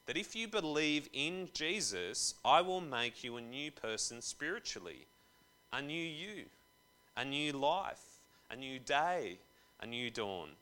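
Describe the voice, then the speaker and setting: Animated man preaching. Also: mid-range voice, takes it slowly. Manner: casual, jokey, animated preaching with slang. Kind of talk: sermon.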